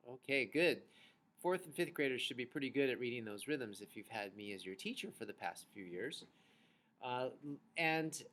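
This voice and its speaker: Male music teacher, patient and encouraging, mid-pitched, chanting rhythms for the kids to echo. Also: fairly bright tone. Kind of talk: recorded online music lesson for children.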